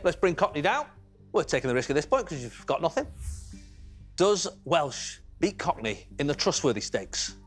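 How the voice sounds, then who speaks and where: A man hosting a TV quiz show in a studio, chatty and teasing with the contestants. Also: mid-range voice. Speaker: game show host. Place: TV studio with audience.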